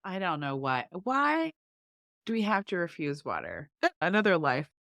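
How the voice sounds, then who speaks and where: A woman co-hosting a podcast, telling family stories with lively quoted dialogue. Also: on the low side, measured pace, vocal fry, no echo. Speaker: podcast co-host. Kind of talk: casual chat.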